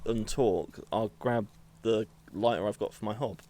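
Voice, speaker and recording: A man's voice: on the low side, unhurried, mellow. A young man chatting casually as a podcast co-host, rambling and laughing often at himself. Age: young adult. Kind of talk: casual chat.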